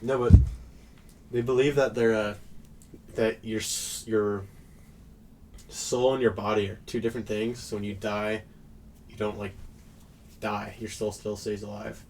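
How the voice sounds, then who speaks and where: A man's voice: lowish voice, little pitch movement, unhurried, pauses often, a little mellow, a little hiss or hum. A young man in casual podcast chat, talking loosely with lots of hesitation and fillers. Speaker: podcast co-host.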